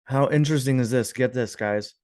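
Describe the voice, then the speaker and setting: A man in the middle of his pitch range talks through old etchings and clippings in a loose, musing way. He slips into sarcasm often and calls his viewers "guys". The sound is close and dry, with no room around it. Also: fairly quick, a little mellow, no room sound. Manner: musing, sarcastic asides, frequent "guys" and chuckles. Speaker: history video host. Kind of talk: casual commentary over images.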